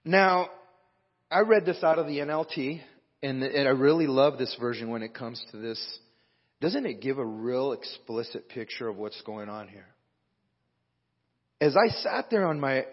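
A man's voice: mid-range voice, lively intonation, a little slow, long pauses. A man preaching a sermon to a congregation in a conversational way, breaking off the reading to talk to the room. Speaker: pastor. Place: church hall with live band. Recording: dull lo-fi recording with long hall reverb.

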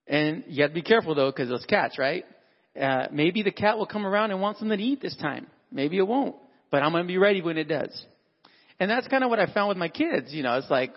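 A man's voice: high voice, brisk, in a large hall, lo-fi sound. A man addressing fathers at church in a conversational, sermon-style talk, acting out everyday dialogue. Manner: conversational, acts out dialogue with animated voices.

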